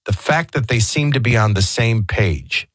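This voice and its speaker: A man's voice: fairly low pitch, lively intonation, moderate pace, dry recording. A man hosting a talk radio show, speaking in a conversational, digressive way with folksy asides, into a studio microphone. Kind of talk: casual talk radio commentary.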